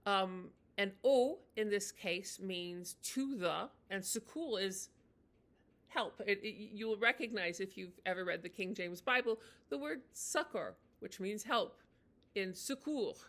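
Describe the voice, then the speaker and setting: A woman teaching in a chatty, unscripted way, with many fillers and restarts, slowing down to model phrases. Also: medium pitch, fairly bright tone. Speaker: language teacher. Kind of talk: casual spoken lesson.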